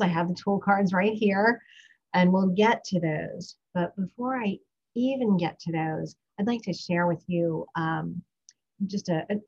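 A middle-aged woman hosting a parenting podcast, telling a story from her own life and guiding a short breathing exercise. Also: fairly low pitch. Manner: warm reflective storytelling, guides breathing. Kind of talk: casual solo podcast talk. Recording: dull lo-fi recording.

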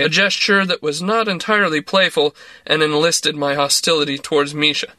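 Bright-voiced male story narrator. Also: a little high, fairly even intonation, a little fast, no room sound.

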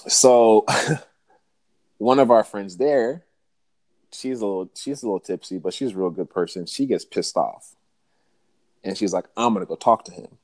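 A man telling a story in casual chat, animated and slangy, acting out what people said. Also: lowish voice, a little slow, pauses often, no echo. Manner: animated storyteller, slangy, acts out quoted dialogue.

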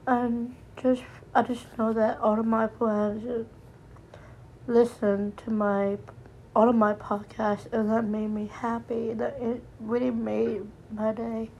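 A woman hosting her own podcast, crying as she talks, her voice breaking, halting and trailing off as she starts sentences over. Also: fairly high pitch, little pitch movement, vocal fry, darkish tone, muffled recording, a little hiss or hum. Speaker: podcast host. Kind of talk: emotional personal podcast message.

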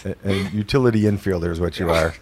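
A man's voice: low voice, rapid-fire, a little mellow. A man hosting a casual interview, asking rambling questions with many restarts. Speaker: radio show host.

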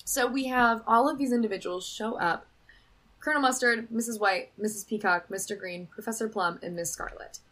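A woman's voice: on the high side, fairly quick, low-quality recording. A young woman co-hosting a podcast, chatting casually and retelling a film with lots of "like". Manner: chatty, says "like" a lot, lively retelling. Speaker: podcast co-host recapping a film. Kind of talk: casual chat.

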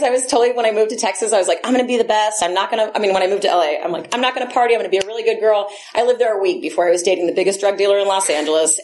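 A woman in her forties sharing her recovery story at a meeting, blunt and profane, laughing often as she talks into a handheld microphone. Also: fairly low pitch. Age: 40s. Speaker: AA meeting speaker. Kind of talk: candid personal recovery share. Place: meeting room.

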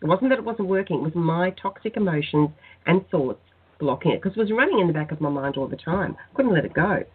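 A woman guest in a spiritual radio interview, telling her personal story in an earnest, soft-spoken way. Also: fairly low pitch, animated, brisk, husky. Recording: tinny phone-line sound.

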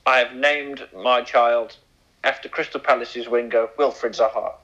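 Man putting on a solemn statesman, slow grand delivery, muffled recording. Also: mid-range voice, steady tone, a bit bright, close to an everyday voice. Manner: slow solemn speech-giving. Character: grand politician addressing the nation. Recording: dull lo-fi sound.

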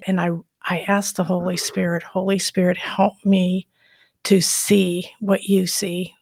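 A woman telling a personal faith story in a soft, emotional way, during a conversation. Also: medium pitch, creaky, dry recording, clean studio sound.

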